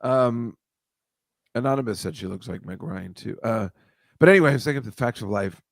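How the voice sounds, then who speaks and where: A man's voice: medium pitch, a little fast, creaky, no echo. Guy hosting a comedy talk show, rambly, keeps tripping over his words, dry close sound. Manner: rambling, self-deprecating, stammers and restarts. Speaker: host.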